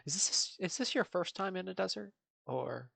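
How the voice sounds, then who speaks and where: A game master narrating a tabletop game, asking halting, filler-heavy questions. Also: medium pitch, expressive, vocal fry, fairly bright tone, slightly rough, no echo.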